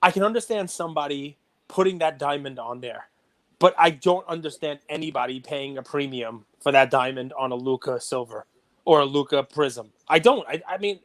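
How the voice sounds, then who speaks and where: Man, middle-aged, podcast co-host, casual chat, fairly high voice, gets worked up. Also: moderate pace. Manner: animated, gets worked up and ranty.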